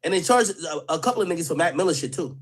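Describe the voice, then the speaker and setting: A man's voice: a little high, lively intonation, fast. A man giving heated, slangy, blunt opinions in a casual street interview. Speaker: interviewee in a played clip.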